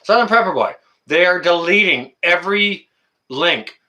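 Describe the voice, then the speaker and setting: Male livestream host, a little high-pitched, bright tone, indignant casual ranting. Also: normal speed. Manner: animated, talks to chat viewers by name; indignant, rants and repeats phrases.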